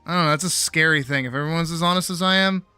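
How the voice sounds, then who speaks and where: A man's voice: fairly high pitch, fast talker, sharp tone, clear, resonant tone, no room sound, faint music behind. A young adult man streamer telling a personal story in casual chat, acting out both sides of the conversation and often restarting his words. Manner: frequent restarts and repeated words.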